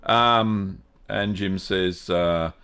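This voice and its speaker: A man with an Australian accent hosting a live stream, greeting viewers one by one in a relaxed, chatty way. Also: deep voice, extremely slow, clean tone. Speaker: host of a cheese-making livestream. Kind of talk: casual live-stream chat.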